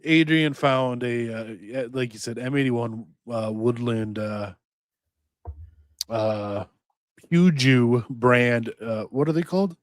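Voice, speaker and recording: A man's voice: mid-range voice, slow, dry recording. A sick man with a nasal, stuffed-up voice who is short of breath, chatting casually and joking dryly over a remote call. The sound is close and dry. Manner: casual banter, dry jokes. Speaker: podcast co-host. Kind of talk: casual chat. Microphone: remote call mic.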